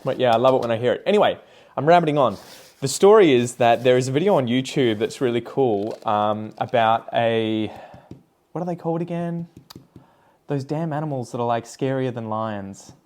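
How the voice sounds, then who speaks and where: A young man with an Australian accent talks through his plant chores in a loose, rambling way. His voice sits at an ordinary middle pitch. He drifts off topic and swears casually as he chats. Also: fairly quick, darkish tone. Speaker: plant vlogger. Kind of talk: casual chatty commentary while doing chores.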